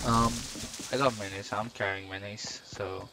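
Over loud background noise, a man streaming a game on a headset mic teases his teammate, keeping it slangy and dropping "bro" nonstop. His voice is on the low side, unhurried, with fairly even intonation.

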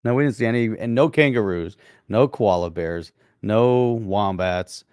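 A man's voice: on the low side, unhurried, darkish tone, smooth, no room sound, studio quality. A man from the United States co-hosting a live podcast stream, easygoing and often laughing. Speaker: podcast co-host. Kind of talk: casual live-stream chat.

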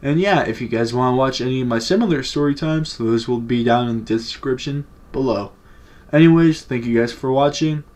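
A man's voice: medium pitch, fairly quick, darkish tone. Laid-back young man telling a story. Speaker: vlogger. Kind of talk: casual story time.

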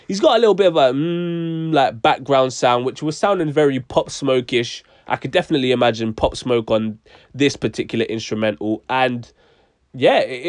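A man's voice: a little high, dry recording. A young man casually reviewing music tracks, chatty and frank, hedging often with "I don't know".

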